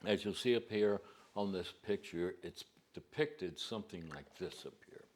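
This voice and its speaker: A man's voice: sits low, normal speed, darkish tone. A man preacher telling a story in a homespun, conversational way. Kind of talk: storytelling to a congregation.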